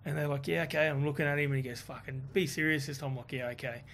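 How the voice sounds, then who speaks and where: A man telling a story in a casual chat, animated and swearing, quoting others in his own voice. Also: medium pitch, very fast, a little hiss or hum. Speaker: guest.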